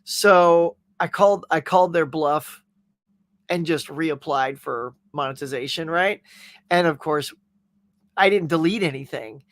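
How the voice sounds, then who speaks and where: A man's voice: on the high side, a little slow, a bit bright, dry recording. A man hosting a casual pop culture show, chatting and rambling through viewer comments with frequent laughs. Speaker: podcast host reading viewer comments. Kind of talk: casual chat.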